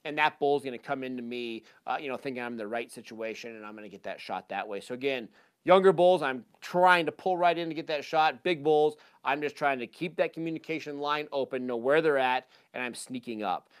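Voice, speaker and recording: A man presenting a live talk to an audience on a handheld mic, casual and energetic, with lots of fillers. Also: mid-range voice, a little fast, clear, resonant tone. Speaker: hunting seminar presenter.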